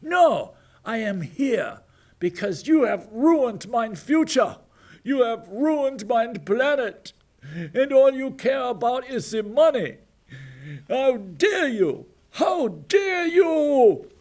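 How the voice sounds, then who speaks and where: An older man voicing a shrill, furious teenage girl activist in a mocking, exaggerated scolding rant. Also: sing-song, slow pace, a little mellow, exaggerated voice. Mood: shrill outrage.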